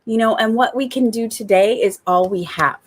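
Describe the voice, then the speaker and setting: A woman talking to her viewers in an upbeat, enthusiastic gratitude vlog, returning again and again to the same warm phrases. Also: on the high side, moderate pace. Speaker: spiritual coach.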